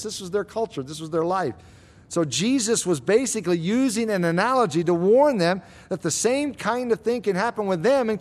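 A man preaching a sermon in an earnest, emphatic way, slowing down for dramatic stress. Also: sits high. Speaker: pastor.

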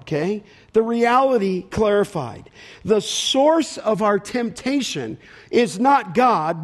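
A man teaching scripture as a pastor, emphatic and repetitive for stress, pausing to ask the audience to fill in words. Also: high-pitched, a little mellow. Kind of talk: expository Bible teaching.

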